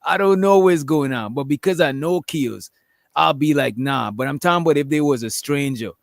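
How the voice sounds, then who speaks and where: Gravelly laid-back man, casual slang. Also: a little high, moderate pace, dry recording, clean studio sound. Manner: laid-back, slangy, laughs while talking. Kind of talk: casual panel debate.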